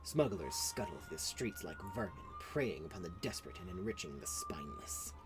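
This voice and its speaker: A man reading a grim, brooding woman investigator's quest lines in a low, slow, ominous voice. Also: sing-song, over music. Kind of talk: reading quest text aloud.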